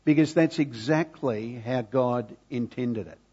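A man's voice: mid-range voice, measured pace, darkish tone, slightly rough, muffled recording. A man preaching a sermon, telling a story and leading the congregation to repeat lines with him. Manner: earnest, leads congregation in call-and-response.

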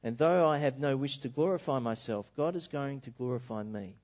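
A calm, solemn male teacher speaks in a low, measured way, as a preacher reads his words. The voice is softer and lower than the preacher's usual talk. The recording is muffled and lo-fi. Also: close to an everyday voice. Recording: dull lo-fi recording.

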